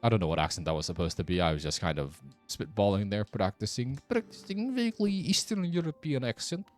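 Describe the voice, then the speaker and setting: A man's voice: lowish voice, expressive, fairly quick, faint music behind. A man streaming a game with casual, wry commentary, muttering sarcastic asides to himself.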